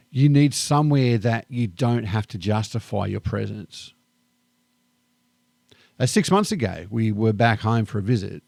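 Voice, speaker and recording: A middle-aged Australian man with an Australian accent, reflecting calmly and thoughtfully in a personal vlog monologue. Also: on the low side, gravelly, no room sound, studio quality. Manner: calm, unhurried and thoughtful. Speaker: vlogger.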